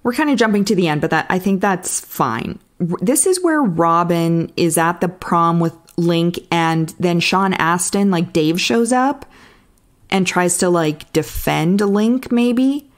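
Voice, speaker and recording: Young female co-host with a lower voice, casual and wry, dry humor in movie chat. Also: animated, unhurried. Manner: wry, dry asides, laughs easily. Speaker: podcast co-host.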